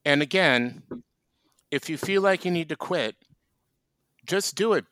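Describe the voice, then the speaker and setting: A man co-hosts a comedic chat show, ranting in a deadpan, mock-serious way. His voice sits a little high for a man. The sound is dry and close, with no room echo. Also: unhurried. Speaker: co-host.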